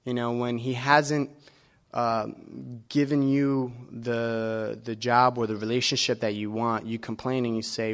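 A man delivering a conversational sermon as a preacher, relaxed and personal, pausing often with fillers and restarting his sentences. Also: medium pitch. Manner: relaxed and personal, with many filler pauses and self-corrections.

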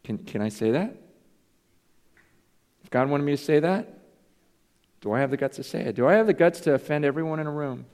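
A man's voice: on the high side, lively intonation, a little fast, pauses often, darkish tone. A man preaching a sermon as pastor, earnest and confessional, questioning himself aloud. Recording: long reverb in a large hall.

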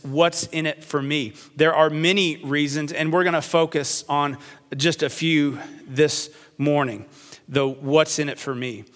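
A pastor delivering a sermon, earnest, slowing down to stretch key phrases. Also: male voice, on the high side, fairly bright tone. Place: church sanctuary. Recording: long hall reverb.

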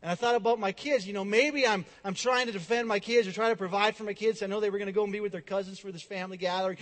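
A male pastor preaching a sermon, telling a personal story and swinging between loud emphasis and quiet, drawn-out asides. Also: high-pitched, long reverb tail.

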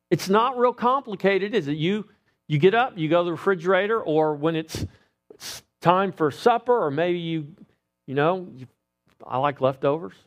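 A man's voice: high-pitched, moderate pace. A middle-aged man preaching a sermon as pastor, talking conversationally and asking the congregation rhetorical questions.

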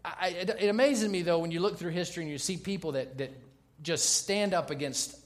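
A man preaching a sermon to his church in an energetic, joking way, loud at times. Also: sits high, a little fast. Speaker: pastor. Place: church in Baltimore.

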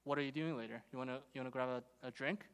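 A man's voice: mid-range voice, steady tone, fast, a bit bright, smooth, voice pushed down, lightly acted. A man playing an unfaithful husband who makes offhand, sheepish excuses in a sermon joke. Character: cheeky unfaithful husband caught at dinner.

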